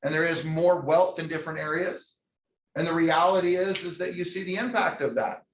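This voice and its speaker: Male sales trainer, higher voice, energetic motivational delivery, echoey room sound. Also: normal speed, a little hiss or hum. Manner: energetic, preachy, calls out audience members by name. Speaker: real estate sales trainer. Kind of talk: motivational training talk to an audience.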